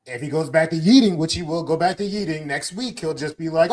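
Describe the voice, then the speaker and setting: A man co-hosting a wrestling podcast, blunt and animated, breaking into quick impressions as he rants. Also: on the high side. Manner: blunt, animated, mimics wrestlers mid-rant. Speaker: podcast co-host. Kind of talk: casual wrestling chat.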